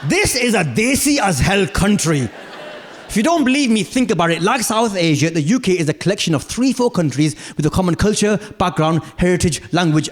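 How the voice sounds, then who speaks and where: A man around forty with a British accent, performing live stand-up comedy in a theatre in a playful, animated way. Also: a little hiss or hum. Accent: British English. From United Kingdom. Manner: animated, playful, with sudden jumps in pitch. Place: large theatre stage.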